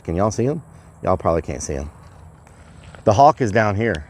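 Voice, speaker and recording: A man's voice: fairly low pitch, moderate pace, pauses often. Chatty man livestreaming outdoors. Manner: chatty, excitable, addresses viewers as y'all. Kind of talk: casual outdoor livestream chat. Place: outdoors at a rural property.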